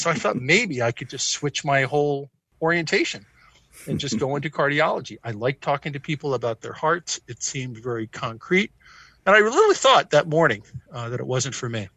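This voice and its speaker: A man in his sixties with an American accent, a psychiatrist guest telling a personal story in an animated, self-deprecating way. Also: mid-range voice, normal speed, no room sound. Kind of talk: conversational storytelling.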